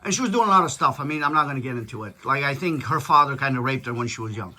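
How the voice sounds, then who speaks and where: A man's voice: mid-range voice, lively intonation, very fast, sharp tone. A man talking casually with his daughter, lecturing her in a blunt, profane storytelling manner. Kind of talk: casual chat.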